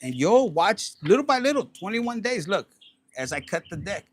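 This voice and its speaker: A man doing a casual, animated tarot reading, swearing often and slipping into Spanish slang. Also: sits high, moderate pace. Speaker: tarot reader.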